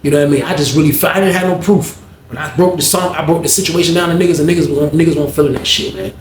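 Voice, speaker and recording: A man telling a story in casual, slang-heavy talk, getting loud when he acts out arguments. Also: fairly high pitch, racing, reverberant, a crowd in the background. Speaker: storyteller host.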